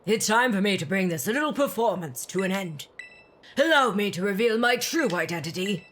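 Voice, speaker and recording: A woman's voice: mid-range voice, expressive, moderate pace, fairly bright tone, slight background noise, close to an everyday voice. A woman hamming up a grandiose male school director. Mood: theatrical. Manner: hammy, grandiose dramatic reading. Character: theatrical male academy director villain. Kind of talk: reading game dialogue aloud.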